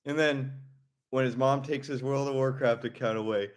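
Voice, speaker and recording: A man's voice: medium pitch, steady tone, moderate pace. A young man streaming, chatting casually about video games in a blunt, profane way and laughing often.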